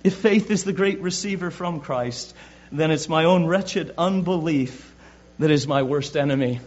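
A man preaching a sermon fervently, swinging from loud declarations to hushed words, on a dull recording with hum. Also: a little high, slightly rough.

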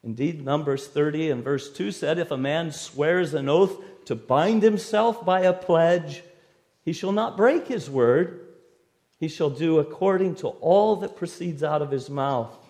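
A man preaching an expository sermon, verse by verse, with an emphatic delivery that swings between loud stresses and sudden quiet drops. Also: on the high side.

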